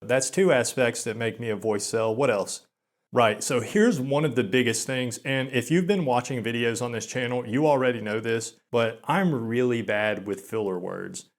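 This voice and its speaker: A young channel host with a medium-pitched voice speaks slowly in a flat monotone, full of filler words and quick stutters. His vlog monologue is self-deprecating.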